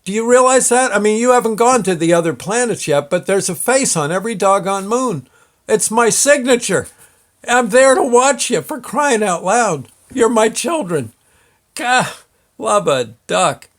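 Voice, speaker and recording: Folksy fatherly God read by a man, exasperated yet kind, raised pitch. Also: expressive, normal speed. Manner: homespun scolding with folksy exclamations.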